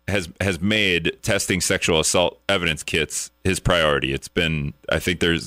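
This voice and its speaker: Casting: radio host, low and bright, wry and casual, dry studio sound. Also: male voice, no room sound. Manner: wry, casual, chuckles at absurd news. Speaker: radio talk show host. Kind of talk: call-in radio talk, reading news aloud.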